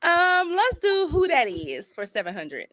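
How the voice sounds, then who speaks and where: A woman competing in a casual podcast quiz, playful and quick to argue for her answers. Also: extremely high pitch, wildly swooping pitch, a bit bright, dry recording. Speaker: quiz contestant.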